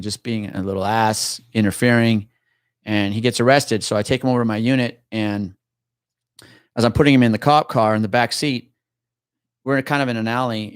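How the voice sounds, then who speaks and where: A man's voice: lowish voice, smooth, no echo, studio quality. A middle-aged man, a retired police officer, guest on a podcast, telling stories in a laid-back way and calling people man. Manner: laid-back storyteller, says man a lot, swears. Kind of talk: casual chat.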